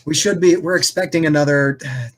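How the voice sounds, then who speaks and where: A man voicing a short, brusque male festival organizer who barks rushed, profane orders in a flustered, snappy way. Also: fairly high pitch, a bit bright, voice pushed up. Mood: bossy.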